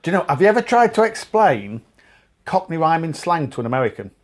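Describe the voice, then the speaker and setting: A man co-hosting a podcast in relaxed conversation. His voice sits a touch high, and he rambles and restarts as he jokes along with his friend. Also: fast. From England. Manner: rambling, jokey banter with many restarts. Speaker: podcast co-host. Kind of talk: casual chat.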